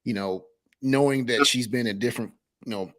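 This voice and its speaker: A man hosting a podcast interview, enthusiastic and talking in halting bursts with fillers and restarts. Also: mid-range voice, a bit bright. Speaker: podcast host. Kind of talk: casual interview.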